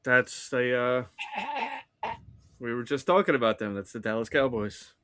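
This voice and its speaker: Laid back trivia guy, mid pitch voice, ums and uhs while thinking, dry mic. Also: measured pace, dry recording. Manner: relaxed, hesitant with fillers when thinking. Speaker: trivia contestant. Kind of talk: casual podcast banter.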